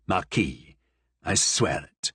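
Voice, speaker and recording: A man voicing an arrogant, mocking nobleman who talks in a smug, drawling, low manner. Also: animated, slow pace, a bit bright, husky, no room sound, clean studio sound, full character voice.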